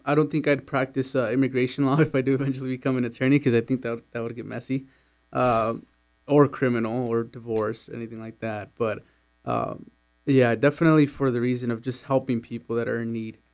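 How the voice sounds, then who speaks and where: A young man from Mexico in his twenties, a student guest in a radio studio, answering thoughtfully with many pauses and fillers. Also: medium pitch, fairly even intonation, darkish tone, clean tone. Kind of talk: interview answers.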